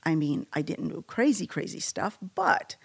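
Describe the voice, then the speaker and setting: A woman's voice: low-pitched, normal speed, gravelly, slightly rough. Woman telling an emotional faith testimony. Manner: emotional, animated storytelling with acted quotes. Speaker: testimony speaker.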